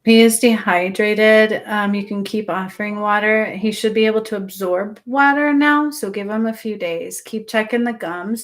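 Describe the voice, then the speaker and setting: Gravelly-voiced woman giving a meandering healing session. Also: mid-range voice. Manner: meandering, soft, many fillers and restarts, describes symptoms in first person. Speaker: animal energy healer. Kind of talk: live-stream healing session.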